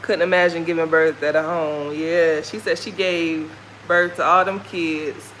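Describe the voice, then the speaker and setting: A woman's voice: sits low, flat delivery, measured pace, fairly bright tone, a little hiss or hum, rough recording. A woman from the American South with a Southern accent, talking candidly and folksily in a casual walking vlog. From Southern United States. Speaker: vlogger. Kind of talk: casual chat while walking. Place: outdoors on a walk.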